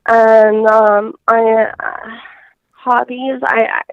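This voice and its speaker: A woman guest in a casual interview, talking in a halting way with many fillers and restarts over a phone line. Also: fairly high pitch, flat delivery, smooth, no room sound.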